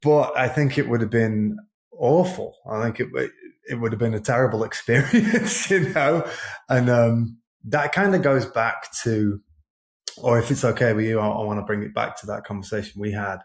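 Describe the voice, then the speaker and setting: A man's voice: medium pitch, normal speed. A man talking as a podcast guest in a casual interview, rambling and hesitant with many restarts. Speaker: podcast guest, print shop owner. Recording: roomy echo.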